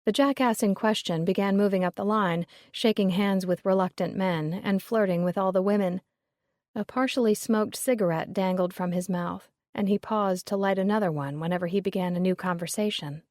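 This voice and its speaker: A woman reading a story aloud as narrator in steady, measured narration. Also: mid-range voice, dry recording, clean studio sound. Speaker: audiobook narrator. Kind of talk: scripted narration.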